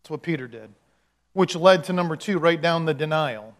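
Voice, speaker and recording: A man's voice: fairly high pitch, animated, normal speed. A man, a pastor, giving a sermon in a conversational storytelling way, acting out the quotes he tells.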